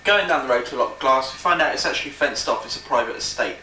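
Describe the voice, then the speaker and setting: A man's voice: mid-range voice, fast, pushed and bright. A man tells an easygoing story of the trip while standing inside a small stone hut. He is heard from across the room on a camcorder, his voice bouncing off the walls under a layer of noise. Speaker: friend on camping trip. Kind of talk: casual chat. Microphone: camcorder mic across the room. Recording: echoey, distant camcorder sound with noise.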